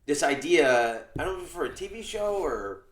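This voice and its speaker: A male comedian hosting a podcast, chatting casually in a rambling, halting way. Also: a little high, very animated. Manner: rambling, halting, many fillers. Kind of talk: casual chat. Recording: echoey room.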